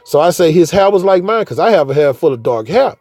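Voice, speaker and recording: A man's voice: on the high side, big pitch swings, quick pace, darkish tone, no echo. A man in his thirties, a father, telling a rambling story about faith in casual, profane speech full of restarts. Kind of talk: casual spoken monologue.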